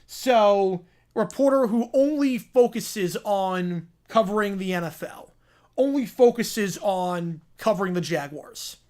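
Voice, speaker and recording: A man's voice: high voice, slow pace, a little mellow. A man hosts a casual livestream from his home setup and talks straight into a desk microphone. His chat is loose and easygoing, and he echoes his own phrases as he goes. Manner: loose, chatty, repeats phrases. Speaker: livestream host.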